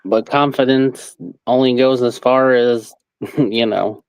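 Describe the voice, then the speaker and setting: Flat, slow-talking man on a podcast. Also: medium pitch, clean tone, no echo, poor audio. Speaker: podcast co-host. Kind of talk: casual podcast chat.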